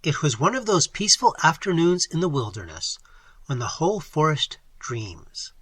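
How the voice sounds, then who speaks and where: A man reads an old adventure tale aloud with a lively, swooping delivery. His voice is bright and slightly husky, recorded close and dry. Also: on the high side, moderate pace, no room sound. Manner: expressive, lively storytelling. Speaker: audiobook narrator. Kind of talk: scripted audiobook narration.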